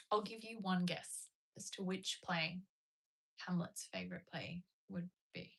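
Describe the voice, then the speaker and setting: Young woman livestream host, gravelly edge, bright tone, chatty, answers comments. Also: on the low side, steady tone, measured pace. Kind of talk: casual live-stream chat. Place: at home.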